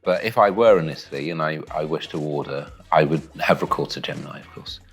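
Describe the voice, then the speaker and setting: Deep, husky, deadpan man. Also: fast talker, faint music behind. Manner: dry, deadpan and wordy. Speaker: guest taste-testing food. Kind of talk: deadpan comic commentary. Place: studio.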